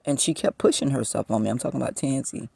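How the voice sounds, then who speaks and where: A man's voice: mid-range voice, fast talker, vocal fry, a little mellow, slightly rough, dry recording. A man in his fifties talking to the camera in a personal monologue, venting his frustration as he tells a story. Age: 50s.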